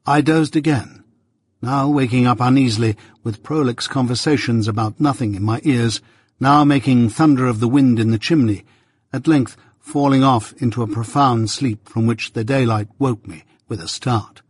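A man narrating a classic novel in the first person, in a measured, literary storytelling manner. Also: mid-range voice, slightly rough, no echo, clean studio sound. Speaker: audiobook narrator.

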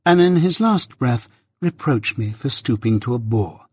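A man's voice: mid-range voice, expressive, a little slow, darkish tone, husky, no echo, clean studio sound. A man voicing a proud, cold young woman who answers in a clipped, scornful, aloof way, read as part of an audiobook. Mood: disdainful. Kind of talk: audiobook character reading.

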